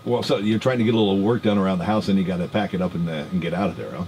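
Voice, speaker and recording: A man's voice: low voice, very fast, darkish tone, a little hiss or hum. A man hosting a morning radio show in the studio, chatting and teasing a caller on the phone. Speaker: radio host.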